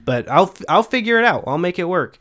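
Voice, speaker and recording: A man's voice: high voice, big pitch swings, a little fast, fairly bright tone. A young man in his twenties co-hosting a podcast, chatting casually, laid-back, swearing and laughing now and then. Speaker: podcast co-host. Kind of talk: casual chat.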